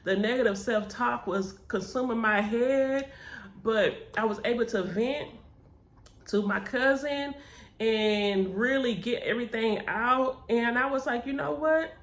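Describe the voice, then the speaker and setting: A woman's voice: a little high, unhurried, slight background noise. A young adult woman vlogger, telling her story candidly and expressively. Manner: expressive, animated, says "baby" and "child". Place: cousin's house. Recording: echoey room.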